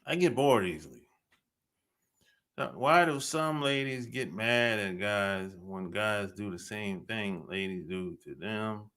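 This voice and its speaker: A man's voice: on the low side, slow, a bit bright. A man hosting a podcast livestream, talking in a laid-back, slangy way and laughing often. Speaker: podcast host. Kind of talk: casual livestream chat.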